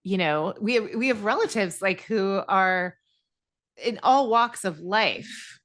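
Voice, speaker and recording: A woman's voice: medium pitch, lively intonation, slow pace, fairly bright tone. A middle-aged woman co-hosting a podcast, talking casually about politics with many fillers and restarts. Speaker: podcast co-host.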